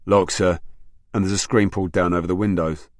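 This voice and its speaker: A man's voice: low voice, fairly even intonation, no echo, studio quality, close to an everyday voice. A male narrator voicing an eager young police officer who speaks urgently. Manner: urgent, quick.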